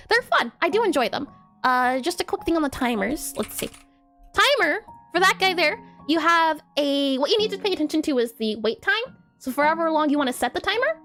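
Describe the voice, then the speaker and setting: High, lively woman coding live. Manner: chatty, talks to herself while typing and answers chat, spells words out. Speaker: game developer live-streaming her coding. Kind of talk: casual live coding stream, thinking aloud.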